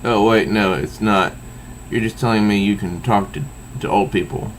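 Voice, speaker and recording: A man's voice: lowish voice, steady tone, moderate pace, slight background noise, natural voice. A man voicing a smug, mind-controlling mad prince as he reads a comic aloud. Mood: mocking. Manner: smug, lighthearted taunting. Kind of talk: reading comic dialogue aloud.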